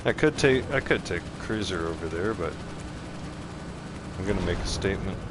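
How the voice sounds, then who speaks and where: Streamer, male, low voice, profane taunting gamer talk, game gunfire clearly behind. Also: expressive, normal speed, noisy background. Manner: trash-talking, profane, taunting. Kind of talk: gameplay commentary.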